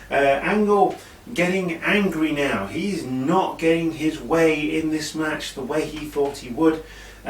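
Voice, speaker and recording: A British man casually recapping an old wrestling event, rambling with asides and fillers. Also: medium pitch. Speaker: wrestling show reviewer. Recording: echoey room, mic at a distance, faint hiss.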